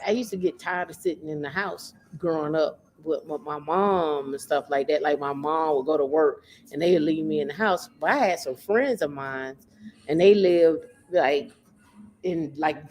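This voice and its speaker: A woman with a fairly low voice and faint noise behind her. She chats casually as a podcast co-host and tells expressive stories, jumping up in pitch when she acts out quotes. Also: normal speed. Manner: expressive storyteller who acts out quotes with big pitch jumps. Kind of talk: casual chat.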